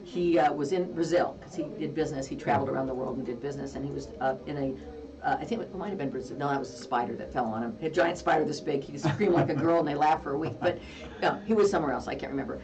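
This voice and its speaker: A middle-aged woman co-hosting a casual chat, telling stories with lots of laughter and acted-out voices. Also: sits low. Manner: animated storyteller who mimics voices and laughs often. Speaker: co-host. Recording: distant mic.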